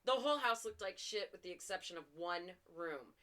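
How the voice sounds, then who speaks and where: A young woman co-hosting a casual podcast chat, trading dark humor about killers and swearing casually, with lots of fillers. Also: medium pitch, lively intonation, brisk. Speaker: podcast co-host.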